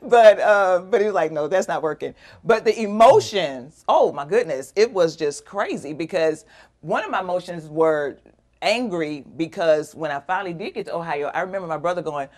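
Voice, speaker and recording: A middle-aged woman speaking with a fairly low voice. She tells an emotional personal story as an interview guest, full of animated bits where she acts out the voices of people she quotes. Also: normal speed.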